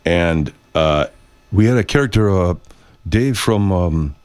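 A man's voice: deep voice, lively intonation, slow pace, darkish tone, clear, resonant tone. A man hosting a radio show, talking in a meandering, self-interrupting way and swearing freely. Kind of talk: rambling casual monologue.

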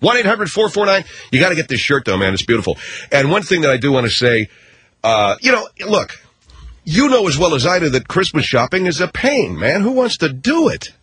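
A middle-aged male talk radio host with a husky, slightly breathy voice that swings widely in pitch. He rants brashly and sarcastically, mocking everything in a comic monologue. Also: brisk, no room sound. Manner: brash, sarcastic, animated ranting.

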